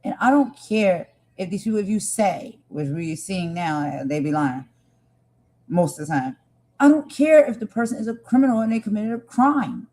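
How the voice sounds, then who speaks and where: A woman's voice: medium pitch, expressive, normal speed, a little mellow. Impassioned woman hosting a livestream. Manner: earnest, impassioned, talks to viewers directly. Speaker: livestream host. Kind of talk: emotional livestream commentary.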